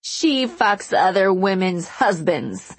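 A woman's voice: sits high, big pitch swings, slow pace, breathy edge, no echo, pitched above the performer's own voice, heavily acted. A woman narrator voicing a furious, jealous middle-aged blonde woman who shrieks and sneers insults. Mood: shrieking, enraged.

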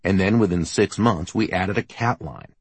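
A male narrator voicing a nervous, slightly defensive entrepreneur pitching his business in an audiobook. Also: normal speed, breathy edge, no echo. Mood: rehearsed.

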